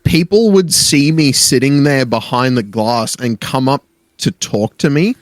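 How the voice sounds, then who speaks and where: A man's voice: medium pitch, measured pace, no room sound. An Australian man co-hosting a radio show, talking hesitantly with many ums and likes. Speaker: radio co-host. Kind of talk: casual breakfast show banter.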